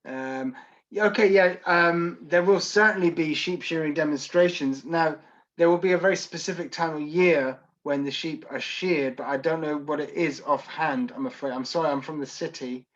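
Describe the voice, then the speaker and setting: A man's voice: a little high, moderate pace, fairly bright tone, muffled recording. A Scottish man working as a tour guide, answering viewer questions in a chatty, self-deprecating way on a video call. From Scotland.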